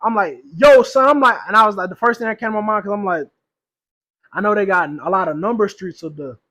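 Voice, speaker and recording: High-voiced young man, slangy podcaster. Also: quick pace, bright, forceful tone. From Louisiana or Texas, US South. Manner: slangy storytelling, laughs often. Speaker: podcast co-host. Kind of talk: casual podcast chat.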